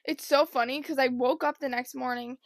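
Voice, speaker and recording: A young woman vlogger telling a rambling, animated storytime in casual chat. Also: high-pitched, brisk, no echo, clean studio sound. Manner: chatty, rambling, animated impressions.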